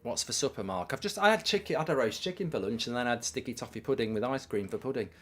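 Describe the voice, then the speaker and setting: A man's voice: mid-range voice, animated, fast talker, a bit bright. Man, middle-aged, watchalong host, casual chat, reacting to the match. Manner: casual, chatty, reads out viewer messages. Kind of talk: live football watchalong commentary.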